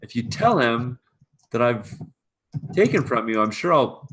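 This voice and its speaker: A man's voice: medium pitch, big pitch swings, a little slow, a bit bright, voice pushed up. A man voicing a nervous young female servant who stammers and pleads. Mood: flustered.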